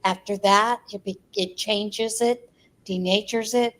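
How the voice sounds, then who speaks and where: A woman co-hosting a casual live stream, explaining practical advice in an easy, conversational way. Her voice sits at an ordinary middle pitch. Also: fairly even intonation, a little slow. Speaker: co-host.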